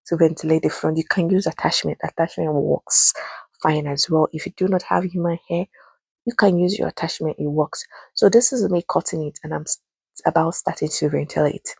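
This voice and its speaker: Nigerian-accented woman, low husky voice, patient tutor, dry close sound. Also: a little mellow, no echo. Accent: Nigerian English. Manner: patient, repeats instructions, slow and emphatic. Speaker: wig-making tutor. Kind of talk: voice-over tutorial.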